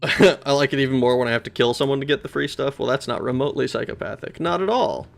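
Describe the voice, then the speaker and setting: A man's voice: medium pitch, fast talker, creaky, soft background music. A man giving let's play commentary on a retro game, swearing freely, getting frustrated and answering his chat. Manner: swears heavily, easily frustrated, talks to chat. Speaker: streamer playing a retro role-playing game.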